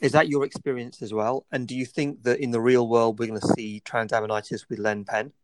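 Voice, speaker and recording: A man's voice: medium pitch, fairly even intonation, brisk, no room sound. A man hosting an expert discussion, asking long, rambling questions. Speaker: host.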